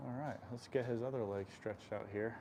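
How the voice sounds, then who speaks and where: A man working as an equine chiropractor, explaining stretches on a live stream while softly soothing the horse and often clearing his throat. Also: medium pitch, fairly even intonation, fairly quick, noisy background. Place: horse stall in a stable.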